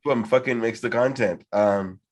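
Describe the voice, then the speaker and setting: A man's voice: mid-range voice, moderate pace. Guy hosting a podcast, rambles a lot, swears constantly, loose casual chat. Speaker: podcast host running a trivia night.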